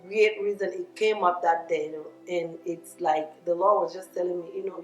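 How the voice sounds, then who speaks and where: A woman's voice: on the low side, fairly even intonation, moderate pace, few pauses. A middle-aged Nigerian woman telling her own immigrant story in an earnest, reflective way. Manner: earnest, reflective, with small laughs and self-corrections. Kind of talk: personal testimony monologue. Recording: echoey room with faint music.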